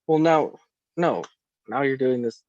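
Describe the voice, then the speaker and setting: A man's voice: medium pitch, unhurried, no room sound, lo-fi sound. A man co-hosting a casual podcast, teasing his partner, laughing often and repeating himself. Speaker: podcast co-host. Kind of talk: casual chat.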